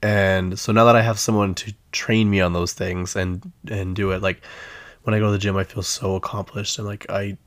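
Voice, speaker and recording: A young man hosting a casual solo podcast, his voice rough from being sick, chatting in a rambling, self-mocking way. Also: fairly low pitch, level tone, moderate pace, a bit bright, no room sound. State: sick, hoarse-sounding voice. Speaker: podcast host.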